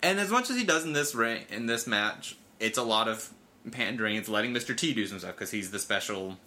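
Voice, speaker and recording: Guy cohosting a chill chat, bright kinda low voice, lots of ums and you knows. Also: animated, fairly quick. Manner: chatty, lots of fillers, laughs easily. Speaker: podcast co-host. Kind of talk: casual chat.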